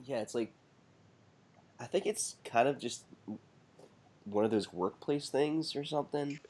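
Husky guy on a podcast, kinda halting, keeps restarting what he says. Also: mid-range voice, darkish tone. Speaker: podcast co-host. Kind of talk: casual chat.

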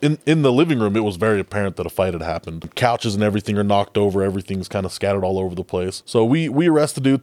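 Laid-back police officer telling a story. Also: male voice, on the low side, a little mellow, no room sound. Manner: laid-back, swears casually. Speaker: police officer, podcast co-host. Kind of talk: casual storytelling.

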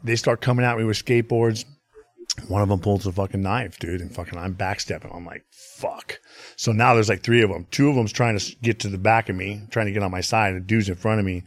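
A man with a low, gruff voice talks over a dry, close studio mic. He tells his story in a loose, profane ramble, dropping "you know what I mean" again and again. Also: fairly even intonation, fast, no room sound. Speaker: podcast guest. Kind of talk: casual storytelling chat. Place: podcast studio.

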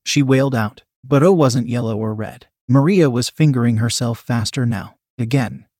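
A man narrates a first-person adult story at a steady, measured pace. His voice sits in a middle pitch. It is recorded close and dry, with no room echo.

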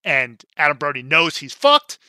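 A man's voice: on the high side, very animated, moderate pace, sharp tone, smooth, no room sound. A young man casually recapping a film scene, chatty and rambling with lots of fillers and acted-out quotes. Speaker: film discussion co-host.

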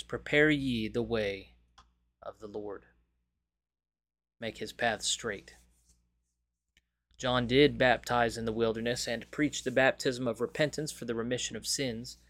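A man with a fairly bright, mid-range voice hosts a daily Bible reading, praying and reading scripture aloud in a measured, reverent manner.

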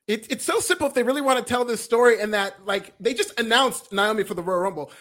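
A man co-hosting a wrestling podcast, talking in an animated way and laughing often. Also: very high voice, fast. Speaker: podcast co-host. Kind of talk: casual wrestling podcast chat.

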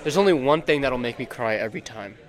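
A young adult man hosting a casual podcast chat, teasing in a dry, deadpan way. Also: mid-range voice, fast. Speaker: podcast host. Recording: crowd chatter in the background.

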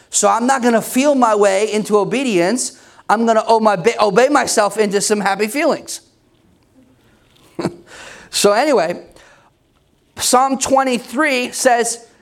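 High-voiced pastor guy preaching, punchy and chatty, pokes fun at himself. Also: creaky. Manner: emphatic, conversational preaching with self-deprecating humor. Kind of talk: sermon.

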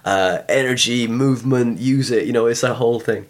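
A man's voice: medium pitch, normal speed. A man, a comedian guest on a podcast, telling rambling stories with many restarts. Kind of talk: casual podcast chat.

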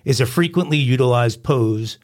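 A man's voice: mid-range voice, moderate pace. A man co-hosting a crime podcast, reading a comic news story aloud in a mock-dramatic storytelling manner. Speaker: podcast co-host.

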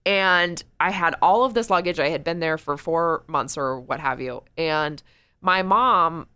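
A woman's voice: deep voice, unhurried, clean tone. A young American woman, a podcast guest, telling a story animatedly with lots of "like" and frequent laughter. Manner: animated storyteller, laughs often, says "like" a lot. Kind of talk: casual interview chat.

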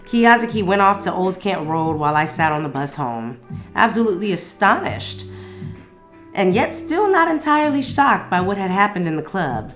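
A woman's voice: medium pitch, very animated, normal speed, a bit bright, faint music behind. A woman casually reviewing a book and reading from it aloud, enthusiastic and full of slang and swearing.

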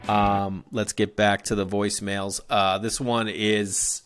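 A man's voice: lowish voice, flat delivery, takes it slowly, a bit bright, smooth, faint music behind. A man hosting a golf podcast, teasing his callers in loose, joking chat. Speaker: podcast host. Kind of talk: casual comedic podcast talk.

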